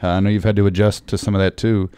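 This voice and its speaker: A man co-hosting a podcast in casual chat, quick and joking, often cutting in. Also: fairly low pitch, level tone, warm tone, clean tone, no room sound. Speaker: podcast co-host.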